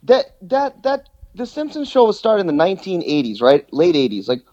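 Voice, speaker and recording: A man's voice: sits high, wildly swooping pitch, a little fast, mellow, no echo, highs cut off. A man calling into a podcast, chatting casually, laughing and swearing a lot. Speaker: caller. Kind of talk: casual phone-in chat.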